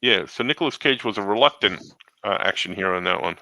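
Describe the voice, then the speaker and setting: Bright-voiced man chatting eagerly. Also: low-pitched, lively intonation, quick pace, gravelly, no echo, rough recording. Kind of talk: casual chat.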